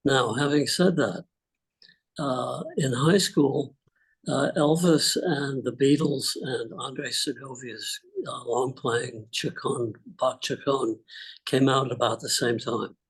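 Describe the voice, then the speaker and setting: An older man telling relaxed, rambling personal stories on a group video call, with many fillers. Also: mid-range voice, takes it slowly, breathy edge, low-quality recording. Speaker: call participant. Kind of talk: casual storytelling on a group call.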